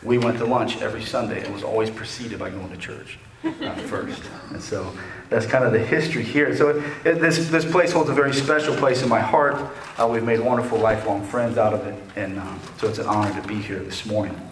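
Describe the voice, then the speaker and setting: A man's voice: on the low side, brisk. A man in his forties giving a sermon as a guest preacher, telling a personal story in a folksy, joking way and often asking "okay?". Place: church sanctuary. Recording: echoey church room.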